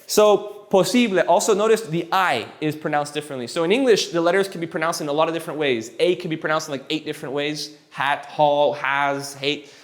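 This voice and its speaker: A man with a slightly high voice teaches a live class of students. He sounds relaxed and encouraging, often restarting and repeating his sentences as he coaxes answers out of the room. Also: fairly quick. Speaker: Spanish teacher.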